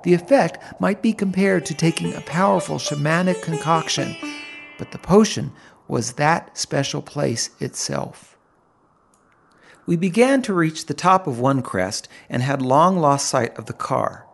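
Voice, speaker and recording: Middle-aged male audiobook narrator, slightly high, gravelly texture, unhurried descriptive read. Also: expressive, soft background music. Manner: vivid, unhurried, descriptive storytelling. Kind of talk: first-person audiobook narration.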